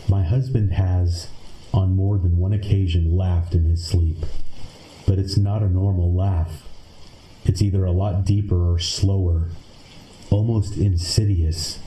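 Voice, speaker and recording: A low-pitched man narrating creepy stories at an unhurried pace. His tone is very dark and deadpan, with little rise or fall. The voice rings in an echoey room over a faint hiss.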